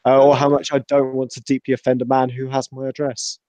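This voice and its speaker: A man's voice: medium pitch, completely flat delivery, quick pace, warm tone, no echo. A man closes a live podcast with dry, self-mocking jokes. His mid-range voice comes across close and dry on the mic. He sounds at ease thanking his panel and the chat. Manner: dry, self-deprecating humor. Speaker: podcast host.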